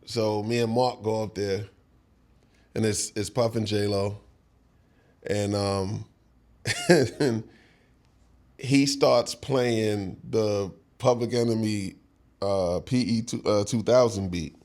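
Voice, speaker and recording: Slow, with frequent pauses, this middle-aged man's fairly low voice carries a story as a songwriter guest in a relaxed interview. He laughs plenty and performs the quotes with animation.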